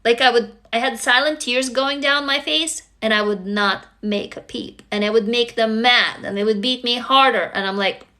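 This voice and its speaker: A woman's voice: a little high, moderate pace, hardly any pauses, pushed and bright. A woman from Russia, hosting an emotional livestream monologue in a raw, intense and profane way. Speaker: livestream host.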